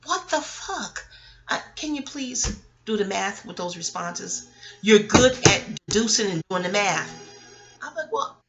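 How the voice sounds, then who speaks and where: A woman's voice: mid-range voice, expressive, a little slow, loud music behind the voice. A woman vlogger talking in a blunt, rambling casual monologue, swearing often and drifting into chatty asides.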